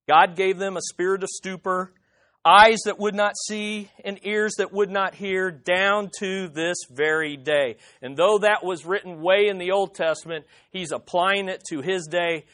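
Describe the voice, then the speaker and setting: Emphatic high-voiced male preacher. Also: pushed and bright. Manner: emphatic, conversational, talks to the congregation by name. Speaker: pastor. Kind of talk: sermon teaching from scripture.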